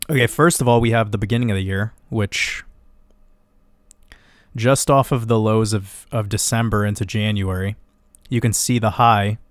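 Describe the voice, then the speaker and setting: A man giving a casual, rambling crypto chart analysis, getting excited and swearing now and then. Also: lowish voice, no echo. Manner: excitable, rambling, swears, laughs at own numbers.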